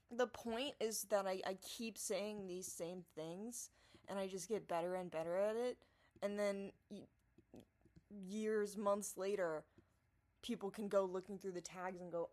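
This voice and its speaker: A woman rambling in a casual vlog monologue, profane and scattered, dropping to mumbles and then rising into loud excited bursts. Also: mid-range voice, a little slow. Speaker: vlogger. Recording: distorted audio.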